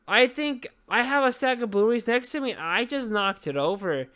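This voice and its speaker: A woman's voice: fairly high pitch, lively intonation, normal speed, fairly bright tone, clear, resonant tone. A drunk woman hosting a casual podcast chat, rambling, swearing and apologizing over and over. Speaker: podcast host.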